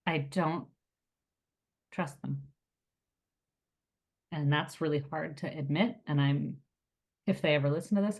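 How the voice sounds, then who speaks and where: A middle-aged woman co-hosting a casual group talk, speaking earnestly and emotionally with halting pauses. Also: sits low, a little mellow. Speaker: podcast co-host.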